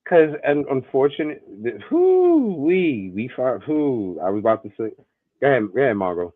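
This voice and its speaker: A man's voice: medium pitch, big pitch swings, normal speed, no echo. A man chatting casually as a co-host, with joking interjections. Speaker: podcast co-host. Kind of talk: casual review chat. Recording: tinny phone-like line.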